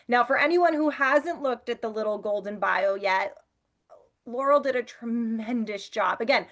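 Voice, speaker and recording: Woman curator, host; slightly high-pitched, eager and friendly in conversation. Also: moderate pace, a bit bright. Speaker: museum curator, interview host. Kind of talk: hosted interview conversation.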